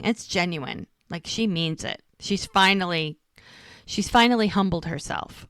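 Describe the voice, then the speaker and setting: A woman's voice: lowish voice, unhurried, fairly bright tone, clear, resonant tone, no echo, clean studio sound. Chatty woman retelling a TV episode. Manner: retells scenes by quoting characters, lots of "she's like". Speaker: podcast co-host recapping a TV episode. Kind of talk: casual recap chat.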